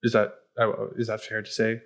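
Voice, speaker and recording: Blunt low-voiced young man. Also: completely flat delivery, normal speed, vocal fry. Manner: blunt and profane, with unsure hedging. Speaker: podcast co-host. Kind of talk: casual chat.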